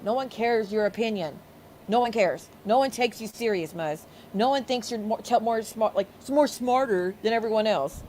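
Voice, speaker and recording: A woman's voice: mid-range voice, a little fast, darkish tone, a little hiss or hum. A woman hosting a livestream, ranting angrily with heavy profanity and sarcastic mockery. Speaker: streamer host. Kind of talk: livestream rant.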